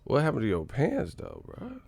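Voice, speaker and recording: Gravelly Californian man hosting a live stream. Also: medium pitch, wildly swooping pitch, normal speed. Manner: loud, joking, profane, laughs often. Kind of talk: casual live-stream chat.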